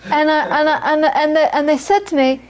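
Amid crowd noise, a Buddhist teacher speaks briskly in a high, steady voice, giving a dharma talk to a small audience. She tells anecdotes and often repeats words while groping for phrasing.

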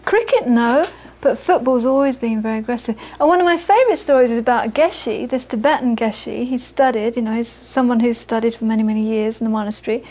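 A woman gives a relaxed Buddhist teaching in a high, light voice. She tells her stories in a chatty way, often restarting and repeating words. She sounds middle-aged. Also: fairly quick, hardly any pauses. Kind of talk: informal dharma talk with anecdotes.

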